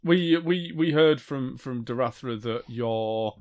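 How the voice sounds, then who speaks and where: A man playing a tabletop game, speaking in character in a halting way, searching for his words. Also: mid-range voice, a little mellow. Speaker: player. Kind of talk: in-character tabletop role-play.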